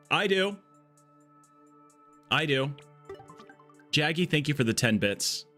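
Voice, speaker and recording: A man's voice: a little high, expressive, slow, pauses often, fairly bright tone, soft background music. A man streaming a platform game live, chatty and jokey, reading out and greeting chat viewers. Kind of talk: casual live-stream commentary.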